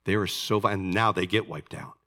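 A man preaching a sermon, emphatic and animated, asking the congregation questions. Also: low voice, a little fast. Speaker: pastor.

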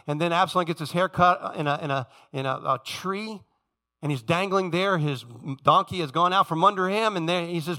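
A man in his forties delivers a sermon in a high, bright voice. He tells the stories with drama, rising loud and then dropping to a hush as he addresses the congregation. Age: 40s. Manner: dramatic storytelling, swinging from loud to hushed. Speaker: pastor.

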